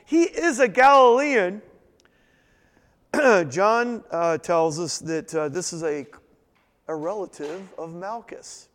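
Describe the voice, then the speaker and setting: A man leading a Bible study in a lively, conversational way, asking his listeners questions as he goes through the text. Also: high-pitched, slow, long reverb tail. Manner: animated, conversational, asks the group questions. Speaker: Bible teacher.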